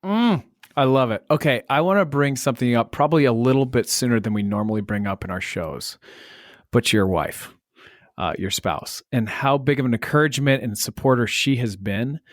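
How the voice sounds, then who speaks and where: A man's voice: mid-range voice, animated, moderate pace, dry recording, studio quality. A man hosting a podcast, asking questions in an encouraging, conversational way. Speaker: podcast host. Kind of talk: interview conversation.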